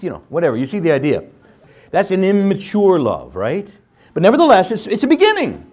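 A man teaching scripture in a lively sermon style, often checking in with "right?" and acting out playful voices. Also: high-pitched, brisk, slightly rough. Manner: animated, jumps into playful voices, asks "right?".

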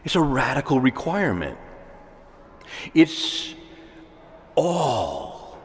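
A man's voice: mid-range voice, huge pitch swings, slow, long reverb tail. A man preaching a sermon, emphatic, repeating key words and asking the congregation for agreement.

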